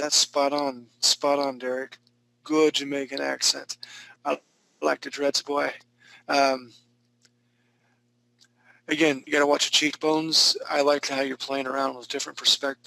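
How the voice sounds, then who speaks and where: A male art instructor talks through student sketches in a relaxed, encouraging way. His voice is gravelly and bright, and his pitch stays flat and level as he restarts his sentences. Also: normal speed, dry recording, low-quality recording. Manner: casual, encouraging, joking, with frequent restarts. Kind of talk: live online class critique.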